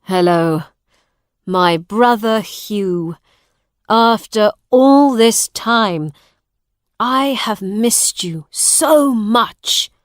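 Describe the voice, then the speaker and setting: A woman's voice: on the high side, lively intonation, very slow, a little mellow, dry recording, studio quality, voice pushed up. A woman reading the part of a grown man, a returned soldier who pleads emphatically in a raised voice. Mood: pleading.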